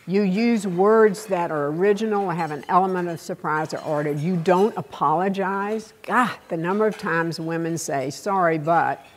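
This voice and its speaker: An older woman with a Texas accent giving a keynote speech, telling blunt, salty stories with dramatic pauses. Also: mid-range voice. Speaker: keynote speaker.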